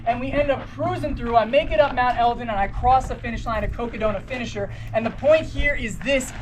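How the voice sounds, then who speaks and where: A young woman giving a motivational talk to runners at a race event, telling a story and acting out the dialogue with casual slang. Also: sits high. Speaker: motivational speaker at a race briefing. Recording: noisy outdoor ambience.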